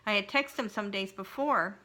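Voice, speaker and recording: A middle-aged woman vlogger telling a personal story in an emotional, halting way, with frequent restarts and pauses. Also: mid-range voice, sharp tone. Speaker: craft vlogger.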